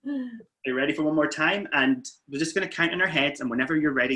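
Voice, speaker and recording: A man, a weight-loss coach, calmly guiding listeners through muscle tensing and breathing exercises. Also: fairly high pitch, fast. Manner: calm, steady counting and coaching. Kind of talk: guided relaxation instructions. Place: indoors, filming himself.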